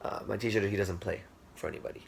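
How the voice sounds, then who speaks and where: A man voicing a humble gravelly flute player. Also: lowish voice, fast, slight background noise. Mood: earnest. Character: humble male flute player, calm and modest.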